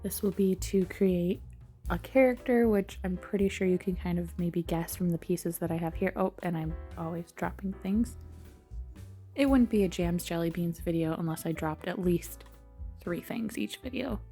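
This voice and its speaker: Gravelly, mellow-voiced woman craft vlogger. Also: lowish voice, moderate pace, soft background music. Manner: chatty and self-mocking, with little laughs. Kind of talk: casual voice-over narration of a craft project.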